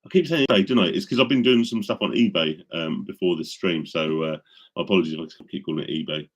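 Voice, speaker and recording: A man's voice: low-pitched, fast, husky. A middle-aged man casually chatting with viewers on a live stream, rambling with many ums and restarts, into a studio microphone.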